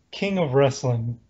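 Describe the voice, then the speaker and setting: A man hosting a podcast, firing off brisk questions in a casual chat. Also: mid-range voice, dark tone, muffled recording. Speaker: podcast host.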